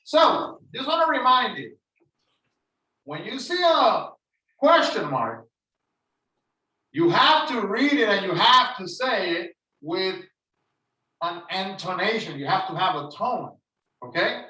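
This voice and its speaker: High, bright-voiced man teaching English. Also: sing-song. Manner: explains slowly, repeats phrases. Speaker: ESL teacher. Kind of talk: online English lesson. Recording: roomy echo, voice heard from a distance.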